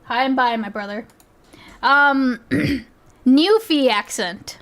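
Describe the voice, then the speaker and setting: A woman's voice: high-pitched, takes it slowly, a bit bright. A woman streamer chatting casually as she reacts to clips, thinking aloud and swearing freely.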